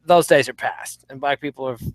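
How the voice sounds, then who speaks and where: A man's voice: medium pitch, fairly quick, dry recording. Podcast co-host, man, wry commentator, dry close sound. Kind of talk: opinionated podcast chat.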